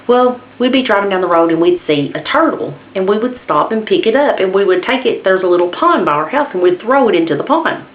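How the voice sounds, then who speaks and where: A woman tells a comic story straight to her camera, animated and acting out every voice. Her voice sits a little low. The sound is dull and roomy, like an old home video with faint hiss. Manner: animated, acts out voices, laughs at herself. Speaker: vlogger.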